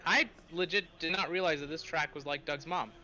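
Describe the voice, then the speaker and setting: A man's voice: fairly high pitch, fairly quick, a loud crowd. A tipsy man joking around as a guest on a racing stream. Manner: joking, rowdy. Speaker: co-commentator guest. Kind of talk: casual stream banter. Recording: lo-fi mic with faint noise.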